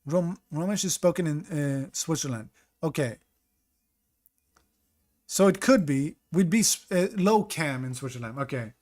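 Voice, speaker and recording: A man with a slightly raised pitch talks through each guess in loose live-stream commentary. He muses out loud and breaks off to welcome viewers in his chat, keeping an easy, offhand tone. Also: animated, a little slow, pauses often. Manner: thinks aloud, greets chat mid-sentence.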